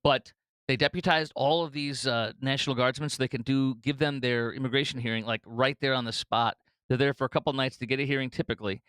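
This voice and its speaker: A middle-aged man runs his own commentary show in an effusive, emotional flow, stumbling over restarts as he goes. His voice is smooth and resonant at a middle pitch, and the sound is dry and close. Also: fairly even intonation, quick pace, a bit bright, no room sound. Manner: effusive, emotional, breaks into laughter; restarts and repeats words. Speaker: podcast host. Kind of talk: political commentary monologue.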